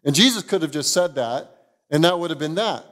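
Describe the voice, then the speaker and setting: A man, a pastor, giving an expository sermon, telling the story in an animated way and chuckling now and then. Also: a little high, normal speed, in a large hall.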